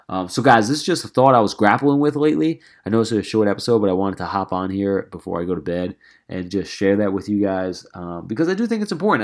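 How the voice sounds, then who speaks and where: Earnest nasal man hosting a podcast. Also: low-pitched. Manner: earnest, passionate, rambling with restarts. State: stuffy nasal voice from a cold. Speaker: podcast host and life coach. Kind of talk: solo podcast monologue.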